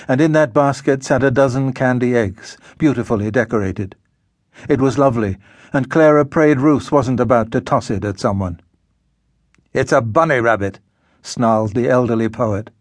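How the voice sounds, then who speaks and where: A man narrating a novel in a measured, unhurried way. His pitch is mid-range and even. The studio sound is dry and close. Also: no echo. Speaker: audiobook narrator. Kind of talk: scripted narration. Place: recording studio.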